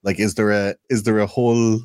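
A man's voice: on the low side, little pitch movement, a little fast, a little mellow, no echo. A young man chatting casually on a podcast, rambling, swearing freely and hunting for words. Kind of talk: casual chat.

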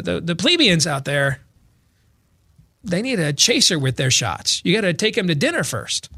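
A man's voice: creaky, bright, forceful tone. A male talk show host, sarcastically paraphrasing others in comedic political talk with sudden put-on voices. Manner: sarcastic, mocking paraphrase with sudden high impressions.

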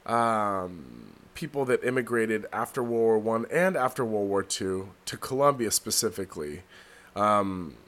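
A man's voice: fairly low pitch, very animated, unhurried, fairly bright tone. A man hosting a casual podcast chat, rambling and heavy on fillers as he tells stories. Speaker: podcast host. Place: New York City.

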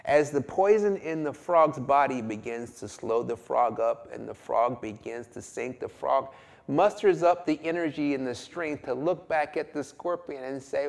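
A man preaching a sermon, emphatic and drawn-out, telling a fable to make his point. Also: mid-range voice, vocal fry. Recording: long hall reverb.

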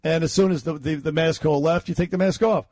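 A man with a slightly high voice co-hosts talk radio, agreeing with his partner. He stumbles and restarts often, padding his lines with hesitations. The sound is dry and close. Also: steady tone, fast, a little mellow, no room sound. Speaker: radio talk show co-host. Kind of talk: casual talk radio banter.

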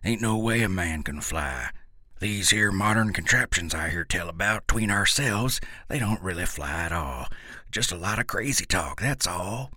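A man's voice: low voice, expressive, normal speed, sharp tone, no room sound, studio quality, full character voice. Man doing a grumpy backwoods old uncle. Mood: grumbling. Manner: gruff rural drawl.

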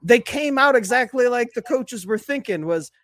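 A man co-hosting a podcast, chatting casually about football, animated and profane, laughing often. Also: extremely high pitch, normal speed, no echo. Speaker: podcast co-host. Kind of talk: casual sports chat.

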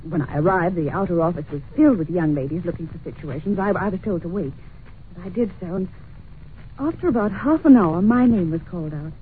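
An actress playing a polite young governess in a 1940s radio drama, talking in an earnest, slightly flustered way. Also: female voice, fairly low pitch, a little fast, natural voice. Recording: scratchy lo-fi old radio broadcast.

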